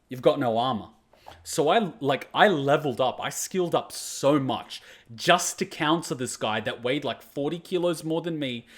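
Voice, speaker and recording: Male host, casual animated storyteller, heavy swearing, mid-range voice. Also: medium pitch. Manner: animated, swears freely, lots of "like" fillers. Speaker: reaction channel host.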